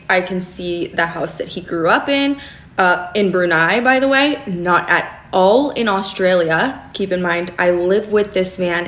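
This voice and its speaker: A young woman telling a long personal story to camera in a casual, animated storytime vlog, full of fillers and asides. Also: mid-range voice, roomy sound. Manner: animated, chatty, frequent fillers. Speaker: storyteller recounting a relationship.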